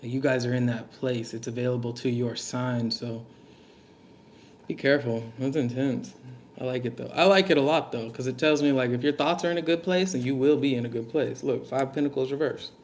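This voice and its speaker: A man's voice: medium pitch, steady tone, a little fast, a little mellow, a little hiss or hum. A man giving a casual spoken reading to camera, loose and slangy, musing aloud with fillers. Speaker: tarot reader.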